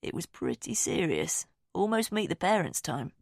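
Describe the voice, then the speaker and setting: A woman's voice: sing-song, normal speed, creaky, dry recording, exaggerated voice. A woman voicing a wry, gloomy young brother. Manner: dry, low-key, darkly joking. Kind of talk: audiobook character voice.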